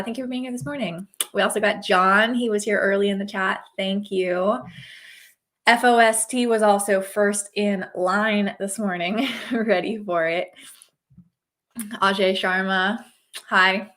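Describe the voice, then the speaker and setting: A woman from Oregon, USA, hosts a casual livestream chat, upbeat and chatty as she greets viewers by name. She has a slight cold, and her mid-range voice has a sharp tone.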